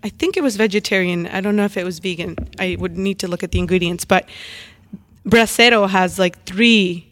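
A woman's voice: mid-range voice, a little fast. A woman from Mexico with a Mexican accent, chatting as a guest on a food podcast. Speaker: guest, restaurant professional. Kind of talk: casual chat.

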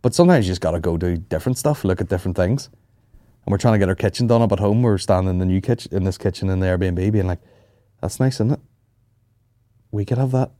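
A man's voice: low voice, rapid-fire, no echo, studio quality. Sweary man telling stories. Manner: sweary, rambling, animated anecdotes. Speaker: podcast co-host. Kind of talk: casual banter storytelling.

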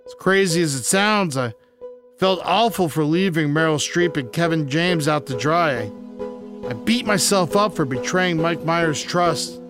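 Male comic narrator, high-pitched, deadpan mock-epic delivery over a music bed. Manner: mock-dramatic, deadpan narration with sudden shouts. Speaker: guest preacher telling a comic story.

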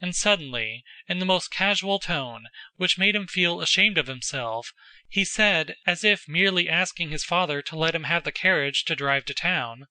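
A male audiobook narrator with a measured storytelling delivery. His voice is bright and a little high-pitched, recorded close and dry with no room sound. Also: smooth, no room sound. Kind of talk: scripted narration.

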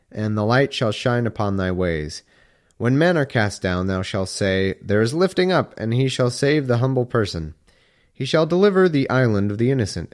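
A man reading old scripture aloud slowly, breaking off for irreverent, wry asides. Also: on the low side.

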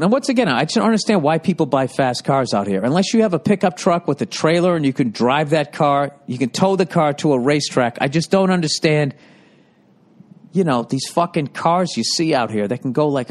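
A man's voice: on the high side, expressive, a little fast. A middle-aged man hosting a casual, profanity-heavy monologue, ranting and self-deprecating. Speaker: comedian and podcast host.

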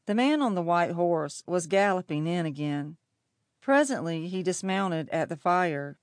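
A woman narrating a storybook in a measured, steady reading voice. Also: on the low side, dry recording, clean studio sound. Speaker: audiobook narrator.

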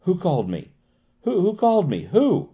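A man's voice: medium pitch, very animated, brisk, dark tone, natural voice. A man reading the part of a genteel woman patient who breaks into terrified screams, in an audiobook. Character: genteel middle-aged woman patient, panicky.

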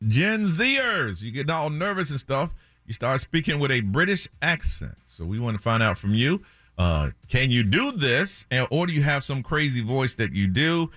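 A male radio morning show host, chatty and teasing, with a bright, fairly high voice. His pitch rises and falls a lot, and the close studio mic sounds dry. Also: very animated, moderate pace, dry recording. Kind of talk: casual radio banter. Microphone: studio microphone.

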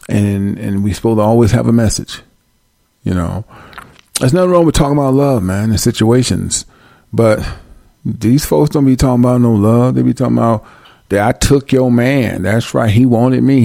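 A man hosting a talk show, ranting in a loud, profane, mocking comedic style. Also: on the low side, gravelly, no echo. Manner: loud, profane, mocking, uses preacher-like call-outs. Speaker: show host.

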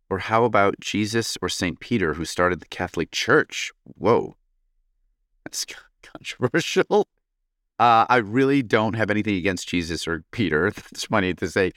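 A man's voice: low voice, fairly bright tone, no echo, clean studio sound. A man co-hosting a podcast, reading a listener's letter aloud in a playful, joking way and laughing often. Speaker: podcast co-host.

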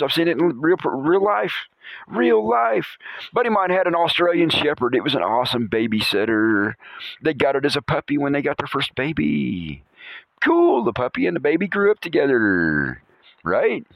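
A man's voice: mid-range voice, vocal fry, fairly bright tone, no room sound. A man hosting a podcast, telling rambling animal anecdotes in a casual way and chuckling often. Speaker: podcast host.

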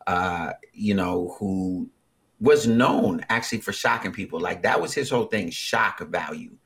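A man in his forties with a husky voice, chatting casually as a podcast co-host, rambling with many fillers and animated bursts. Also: low-pitched, measured pace. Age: 40s. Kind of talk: casual chat.

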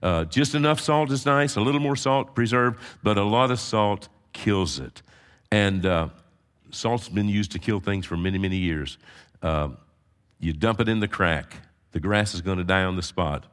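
A man preaching a conversational sermon to his congregation, swinging between quiet asides and loud emphatic peaks, teasing the crowd. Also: lowish voice, normal speed, smooth. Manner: teasing the congregation, frequent fillers and restarts. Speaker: pastor. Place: church sanctuary before a live congregation.

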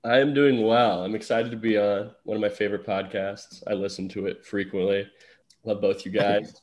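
Relaxed analytical male sports guest. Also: fairly low pitch, normal speed. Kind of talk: casual sports podcast chat.

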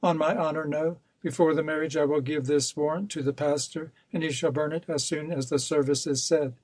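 Cold scheming villain guy, pushy and smooth talking, man reading it out, dry sound. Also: fairly high pitch, steady tone, brisk, darkish tone, no echo, natural voice. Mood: villainous. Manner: cold and insistent, turning coaxing. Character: scheming, ruthless male villain, pleading and menacing.

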